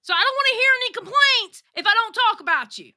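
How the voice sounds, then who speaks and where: A blunt female co-host with a very high, sharp voice complains and swears her way through a casual livestream chat. Her pitch moves widely, and the dry close sound has no room echo. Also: lively intonation, fast.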